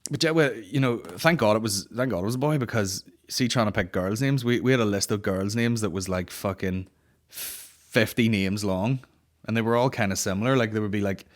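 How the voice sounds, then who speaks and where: A man in his thirties spins a comic story, swearing freely and restarting his sentences as he goes. His voice sits on the low side. He has the loose, rambling style of a chat podcast host. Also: brisk. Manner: sweary, rambling, animated anecdote with frequent restarts. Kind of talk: casual comedic storytelling.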